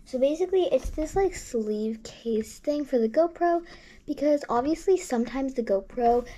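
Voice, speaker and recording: Chatty higher-voiced woman vlogger. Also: noisy background. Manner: chatty, filler-heavy, with lots of "like" and "um". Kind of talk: casual vlog talk.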